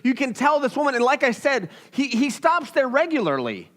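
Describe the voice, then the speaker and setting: A young pastor with an unusually high-pitched voice preaches a sermon at a moderate pace. His style is casual and animated, as though he's having a conversation with the congregation.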